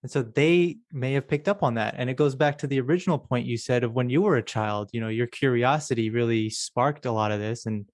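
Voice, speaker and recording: A man's voice: mid-range voice, brisk, hardly any pauses, no echo. A man hosting a podcast, responding reflectively and encouragingly to his guest. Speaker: podcast host.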